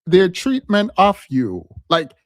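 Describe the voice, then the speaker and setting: A man hosts a stream and reacts to a clip, blunt and sassy, with strong opinions. His voice sits a little high for a man and sounds dry and close. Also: huge pitch swings, slow, no echo. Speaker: host.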